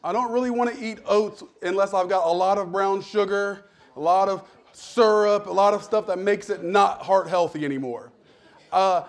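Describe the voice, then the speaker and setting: A male pastor giving a sermon with humorous, self-deprecating stories. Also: high voice.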